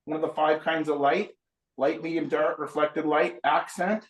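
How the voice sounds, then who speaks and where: A man's voice: a little high, fairly even intonation, moderate pace. A man giving a live painting lesson, chatting and explaining each step while he paints. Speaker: painting instructor. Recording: roomy echo.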